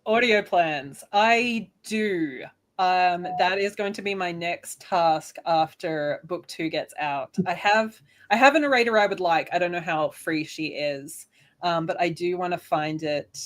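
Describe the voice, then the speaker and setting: Soft-spoken Australian woman author, chatty. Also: fairly low pitch, unhurried. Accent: soft Australian (Adelaide). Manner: chatty, laughs often, self-deprecating. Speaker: guest author. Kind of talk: casual interview chat.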